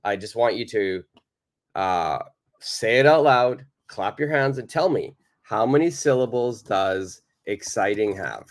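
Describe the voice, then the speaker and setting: A man's voice: on the low side, animated, measured pace. A man teaching a live online English lesson, patiently repeating his questions to the viewers.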